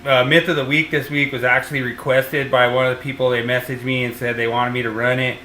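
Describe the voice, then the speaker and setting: A man's voice: mid-range voice, little pitch movement, quick pace, pushed and bright, slight background noise. A man hosting a podcast as an electrician, talking casually and rambling with lots of fillers and restarts. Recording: roomy echo.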